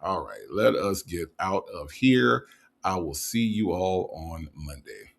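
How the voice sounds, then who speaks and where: A man hosting a livestream, chatting casually as he signs off, checking in with "okay?" and repeating slow affirmations. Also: deep voice, lively intonation, vocal fry. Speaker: livestream host.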